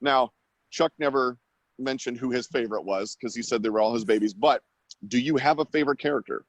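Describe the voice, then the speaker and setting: A man's voice: mid-range voice, dry recording, poor audio. Male host, reads viewer questions, dry close sound. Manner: brisk, reads questions aloud.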